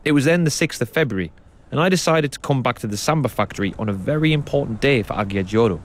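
A man presenting a radio documentary, narrating and describing what he sees in a calm, descriptive way. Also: medium pitch, fast talker, slight background noise. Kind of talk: documentary narration and on-site reporting.

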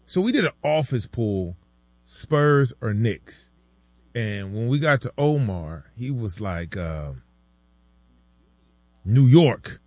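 A man co-hosting a sports talk show, telling stories in a casual, animated way and acting out his friends' lines. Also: mid-range voice, takes it slowly, no echo. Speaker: sports radio co-host.

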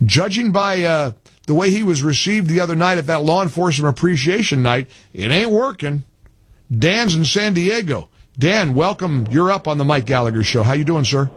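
A man's voice: a little high, animated, moderate pace, husky, dry recording. A man hosting a call-in talk radio show, delivering an emphatic monologue and repeating phrases as he builds his point. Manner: emphatic, repeats himself when worked up.

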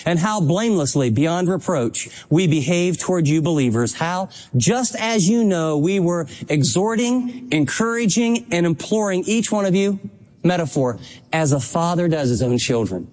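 A man's voice: animated, moderate pace, a little mellow. A male pastor preaching a sermon, emphatic and impassioned, pressing his points with urgency. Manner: impassioned, emphatic preaching with rising pitch on exhortations.

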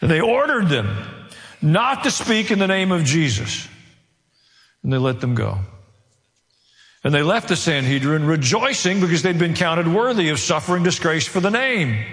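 A man preaching a sermon as pastor, earnest and pleading, acting out quiet prayers. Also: fairly high pitch, in a large hall.

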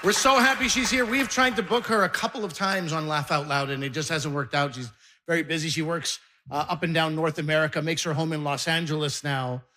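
A male comedy-show host on a live stage rushes through a hyped introduction, rousing the crowd. His voice is bright and a bit high.

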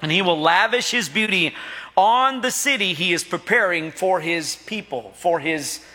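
A middle-aged man preaches with a high, bright, forceful voice, folksy and joking as he keeps calling to his congregation for an answering "amen". His voice rings out with a long reverb across a large church hall. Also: expressive, moderate pace. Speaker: pastor. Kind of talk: sermon. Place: church sanctuary.

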